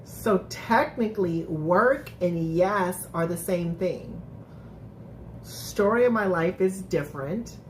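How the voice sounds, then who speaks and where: A woman's voice: fairly low pitch, expressive, takes it slowly, a little hiss or hum. A woman hosting a casual live-stream recap, chatting with viewers, laughing often and restarting her sentences. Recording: echoey room.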